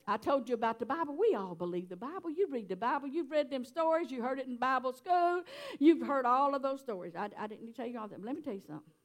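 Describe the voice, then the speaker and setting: A high-pitched middle-aged woman with a drawl delivers a homespun sermon. She talks to the congregation like old friends, chatty and quick to laugh. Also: lively intonation. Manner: folksy, chatty, laughs often. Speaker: preacher.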